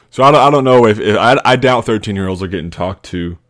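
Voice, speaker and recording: A man's voice: fairly low pitch, fairly bright tone. A young adult man hosting a podcast, telling a story in a rambling, casual way with lots of fillers, restarts and laughs. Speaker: podcast host.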